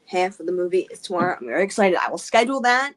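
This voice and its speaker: A woman's voice: lowish voice, expressive, very fast. A woman co-hosting a book club livestream in casual chat, hesitant and often trailing off. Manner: hesitant, trailing off, laughing easily.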